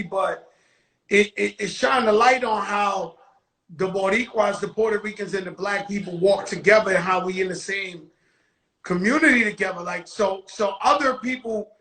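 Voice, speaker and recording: A man hosts a casual interview. His voice sits high for a man and sounds bright and forceful. He rambles and repeats words as he gets into a point. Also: low-quality recording. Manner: rambling, repeats words when starting a thought. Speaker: host.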